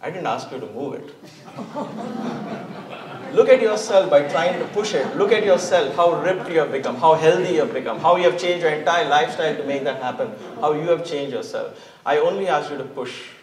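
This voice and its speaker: A man's voice: fairly high pitch, fairly quick, a crowd in the background. Earnest man speaking in an echoey hall. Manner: earnest, emphatic, repeats words. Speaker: guest speaker. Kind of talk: inspirational spiritual talk. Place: church hall. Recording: echoey hall, mic at a distance.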